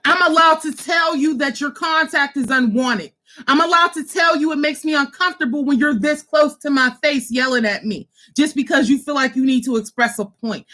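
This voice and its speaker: A woman in her thirties talks candidly and passionately, her words blunt and often profane. Her voice sits high and rings bright and forceful, and she drives each point home with fervent emphasis. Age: 30s. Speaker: social worker and host. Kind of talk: impassioned personal talk.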